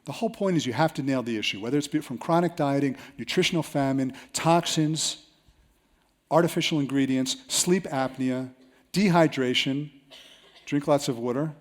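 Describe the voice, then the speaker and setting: A man presents a seminar to a large live audience. He mixes advice with animated, self-mocking stories. His voice sits at a mid pitch. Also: moderate pace.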